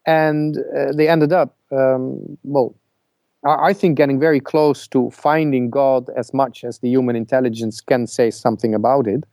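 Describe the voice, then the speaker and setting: A male caller with a gravelly, creaky voice at a middling pitch, speaking on a call-in show. He talks haltingly, stumbling over repeated words while he hunts for the right phrasing. The sound is dry and close. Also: steady tone, dark tone, no room sound. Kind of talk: casual call-in conversation.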